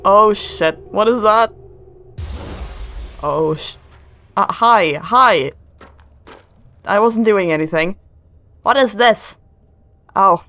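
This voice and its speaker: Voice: mid-range voice, slow pace, long pauses, sharp tone. A gamer hosting a let's play, chatting casually, joking and self-mocking while playing. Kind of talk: casual gameplay commentary. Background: game music.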